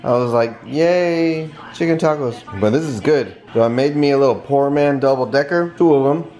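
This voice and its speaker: A man's voice: medium pitch, a little fast, darkish tone, faint music behind. A man joking in a casual family vlog, playful and drawling. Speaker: dad.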